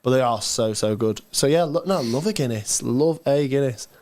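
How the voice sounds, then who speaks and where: Young male co-host, casual football-stream banter, fast nods of agreement, mid-range voice. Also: mid-range voice, a little mellow, slight background noise. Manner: chatty, quick agreeing "yeah, yeah". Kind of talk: casual chat.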